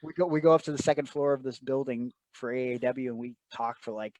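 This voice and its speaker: A man's voice: medium pitch, fairly even intonation, quick pace, a little mellow, slight background noise. A man telling a personal story as an interview guest, earnest and emotional, often quoting others in asides.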